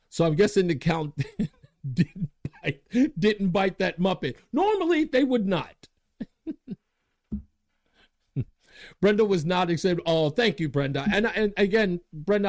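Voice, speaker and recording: Male host, commentary monologue, high pitch, very lively delivery. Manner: worked-up, laughing at himself, big pitch swings. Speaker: radio show host.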